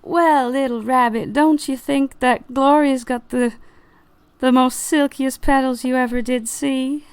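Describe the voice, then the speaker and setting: A woman voicing an excitable, fawning flower with bell-flower hair who gushes in drawn-out words. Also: high voice, smooth, voice pushed up. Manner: gushing, drawn-out, enthusiastic.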